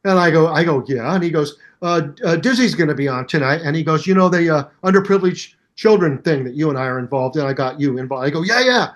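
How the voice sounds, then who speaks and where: An older man in his seventies tells a story as a guest musician, jumping between characters in lively voices. His voice sits a little high for a man. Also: quick pace, hardly any pauses. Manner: acts out both sides of the story in voices, lively. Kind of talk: animated storytelling interview.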